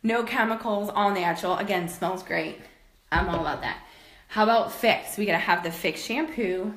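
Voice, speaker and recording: An upbeat woman in her thirties walks through her house with a handheld camera, talking casually to her viewers. She sounds a bit out of breath and keeps checking in with "okay?" as she goes. A faint hiss of noise sits under her mid-pitched voice. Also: lively intonation, normal speed. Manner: upbeat, chatty, says "okay?" and "guys" often. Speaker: vlogger giving a house tour. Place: inside a house, walking from room to room.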